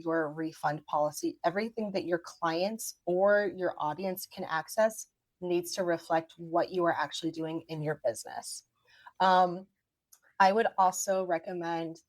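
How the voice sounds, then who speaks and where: Dry-sounding, lower-voiced woman attorney explaining. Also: no echo. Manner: explanatory, advising, steady run of points. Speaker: attorney guest. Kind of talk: podcast interview.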